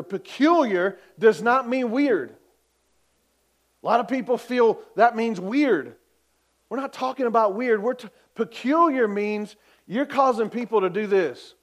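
A man preaching a sermon as pastor, telling a story earnestly and building to emphatic exhortation. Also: sits high.

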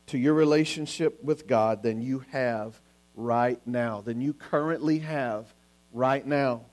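A man with a notably high voice delivers a Sunday sermon. He speaks with earnest urgency, stacking question upon question and now and then stumbling and restarting a word. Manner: earnest preaching with repeated questions, sometimes restarting words. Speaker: pastor.

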